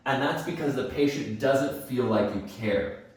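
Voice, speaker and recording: Speaking at a moderate pace in a mid-range voice, a man teaches dental staff how to handle the phone, emphatically raising questions and answering them himself. The mic is far away and the room is very echoey.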